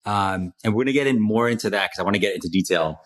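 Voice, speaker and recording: Enthusiastic podcast host with a low voice. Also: male voice, fast talker. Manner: enthusiastic, chatty, rambling asides. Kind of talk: casual interview chat. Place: office.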